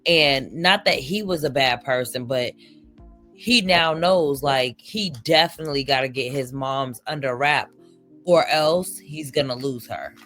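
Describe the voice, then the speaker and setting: Low-voiced woman giving casual commentary. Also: a little slow, a bit bright, faint music behind. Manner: reflective, conversational.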